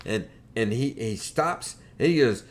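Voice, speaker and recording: A man hosting a podcast, telling a wry, animated story in a casual way. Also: medium pitch, unhurried. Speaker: podcast host.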